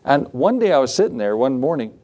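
A man's voice: mid-range voice, sing-song, fairly quick, dark tone. Man preaching a sermon with joking asides. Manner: conversational, quizzes the congregation, joking asides. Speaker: pastor. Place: church.

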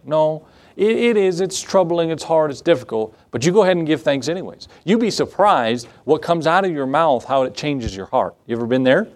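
A man's voice: a little high, lively intonation, a little fast. A man, a pastor, giving a conversational sermon with laughs and acted asides. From United States.

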